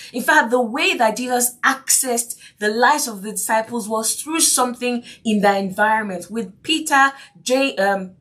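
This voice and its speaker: A woman's voice: on the high side, a bit bright. A woman hosting a faith-based parenting podcast, earnest and repetitive, often asking if you see what she means. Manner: earnest, repeats key phrases, asks "do you see what I mean?". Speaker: podcast host.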